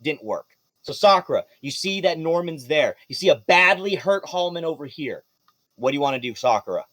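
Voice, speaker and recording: Lively, higher-voiced male game master; swears casually, dry close sound. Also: a little fast, no room sound. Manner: lively, profane, apologetic. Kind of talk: running a tabletop game.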